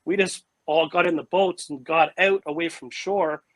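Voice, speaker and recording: Animated man telling a story, slightly high. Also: moderate pace, no room sound, rough recording. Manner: animated and vivid, with frequent "like" and "you know" fillers and restarts. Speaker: interview guest recounting an encounter. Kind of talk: casual spoken storytelling.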